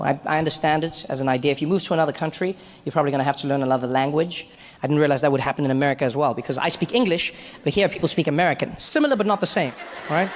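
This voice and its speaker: A man with a South African accent doing stand-up comedy, telling self-deprecating stories in an animated way. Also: a little high, slight background noise. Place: comedy stage before a live audience.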